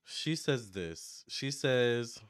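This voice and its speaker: A man giving a casual psychic tarot reading to camera, chatty and excitable as he relays what he picks up in a running commentary. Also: medium pitch, very slow, dry recording, clean studio sound. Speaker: tarot reader and medium.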